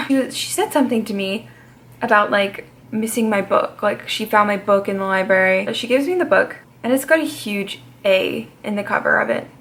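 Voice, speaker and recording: A woman's voice: mid-range voice, vocal fry, fairly bright tone, a little hiss or hum. A woman in her twenties telling a personal story in a casual, chatty way, swearing freely as she goes. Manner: chatty, swears freely and laughs between lines. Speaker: vlogger.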